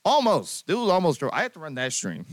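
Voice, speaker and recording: A young man hosting a college esports show, giving an upbeat weekly recap with lots of shout-outs. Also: a little high, huge pitch swings, rapid-fire, no echo. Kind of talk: casual chat and weekly recap.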